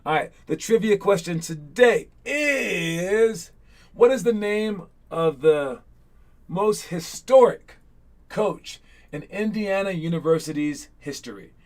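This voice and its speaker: A young man coaching kids online, giving a rambling, energetic pep talk and running a trivia game. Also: sits high, takes it slowly. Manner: energetic, rambling, repeats "all right?". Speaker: basketball coach hosting an online session.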